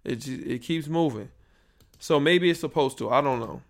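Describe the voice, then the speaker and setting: A young man talks casually and rambles through his podcast, full of slang and asides. His voice has a gravelly, creaky texture at a middle pitch. He is recorded on a built-in computer microphone. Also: normal speed. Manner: rambling, troubleshooting audio live, slangy. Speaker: podcast host. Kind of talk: casual solo podcast chat.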